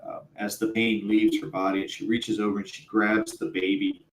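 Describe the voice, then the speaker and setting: A man's voice: on the low side, little pitch movement, moderate pace, soft background music. A man narrating a tabletop game as game master, hesitant and full of ums and uhs. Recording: roomy echo, faint background hum.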